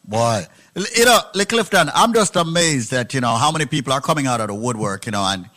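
A man hosting a call-in show, animated, laughing and stretching phrases into a sing-song. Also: mid-range voice, fast. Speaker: radio show host.

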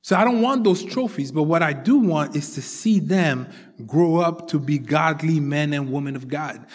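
A man's voice: on the high side, normal speed. A man preaching a sermon with earnest conviction, repeating his key phrases for emphasis. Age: adult father of four children. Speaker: pastor. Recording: long hall reverb.

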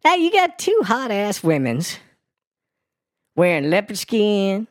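A man voicing a brash, foul-mouthed woman who reads crude news and weather on a comedy radio show, ranting with a gravelly sass. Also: sits high, wildly swooping pitch, takes it slowly, dry recording, clean studio sound, heavily acted. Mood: sassy. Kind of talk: comedy radio character bit.

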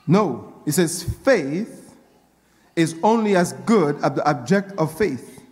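A male pastor preaches in a high, ringing voice. He repeats his lines, calls out to the congregation and works himself up as he goes. The sound carries the long reverb of a church hall. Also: takes it slowly. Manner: call-and-response preaching, repeats phrases, grows excited. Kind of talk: sermon.

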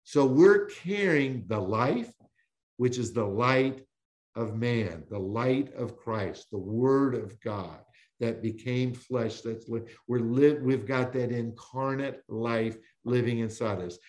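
A man teaching the Bible as a podcast guest, with an emphatic preaching cadence, slowing on key words and often restarting phrases. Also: mid-range voice, darkish tone.

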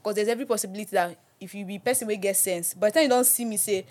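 A young woman with a Nigerian accent, co-hosting a casual podcast chat in an animated, emphatic way and slipping into Pidgin. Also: mid-range voice, very fast. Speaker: podcast co-host.

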